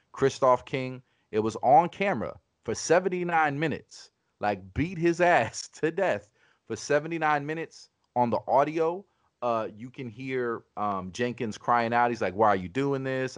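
A man's voice: lowish voice, no room sound. A man hosting a podcast, talking in a casual, argumentative way, swearing often and restarting his sentences. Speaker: podcast host.

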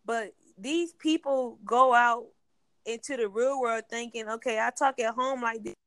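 A woman's voice: a little high, measured pace, fairly bright tone, no room sound. A woman in casual group chat as a podcast co-host, talking in a blunt, opinionated way.

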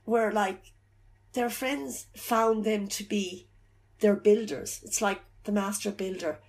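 A middle-aged woman telling of her loss in an interview. She talks haltingly and softly, often searching for words. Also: mid-range voice, steady tone, creaky. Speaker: bereaved mother telling her story. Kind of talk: personal account in an interview.

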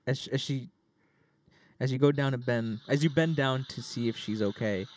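A man's voice: medium pitch, moderate pace, slight background noise. A man narrating as game master in a casual tabletop session, laughing and lightly putting on voices.

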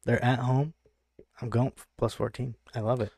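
A brash man talking through his sports bets on a podcast, swearing freely and sure of every pick. His voice sits at an ordinary middle pitch. The sound is dry and close, with no room around it. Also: little pitch movement, moderate pace, vocal fry, darkish tone, no echo. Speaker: podcast co-host. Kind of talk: casual sports betting chat.

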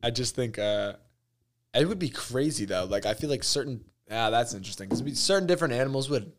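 A young man hosting a casual podcast chat. He talks in a loose, slangy way, full of fillers and quick laughs, at an everyday middle pitch. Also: expressive. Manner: laid-back slangy talk, many fillers, laughs often. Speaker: podcast host.

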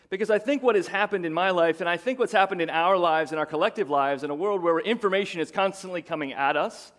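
With a fairly high pitch, this middle-aged male pastor delivers his sermon in a conversational style. He repeats words frequently, and his speech swells into bursts of excitement.

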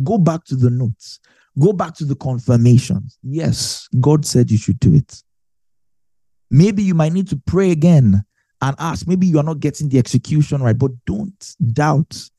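Husky, warm preacher man. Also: fairly high pitch, no echo, clean studio sound. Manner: emphatic, repeats key phrases, animated. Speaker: Bible teacher. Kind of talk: sermon teaching.

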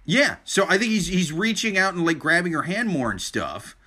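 A man's voice: sits high, expressive, moderate pace, pushed and bright. A young man in casual podcast chat, blunt and crude, joking as he talks.

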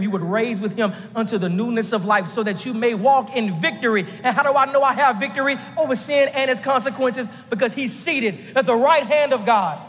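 A man from Texas, preaching a lively sermon from the pulpit with jokes and rising shouts. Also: high-pitched, in a large hall. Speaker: pastor.

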